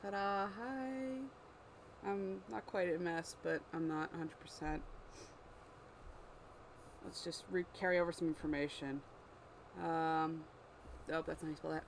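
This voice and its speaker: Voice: mid-range voice, flat delivery, normal speed, vocal fry, pauses often, slight background noise. A writer chatting casually on a livestream while editing their story, thinking aloud and correcting themselves.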